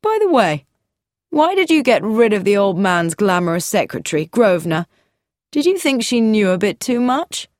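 A woman's voice: mid-range voice, very animated, moderate pace, a little mellow, dry recording, clean studio sound, natural voice. A woman voicing a brash, cheerful younger brother who talks in a breezy, mocking way.

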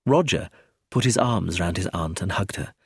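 A man reading a story aloud as narrator, in a scripted narration style with a husky voice. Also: deep voice, normal speed, no echo, clean studio sound. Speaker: audiobook narrator.

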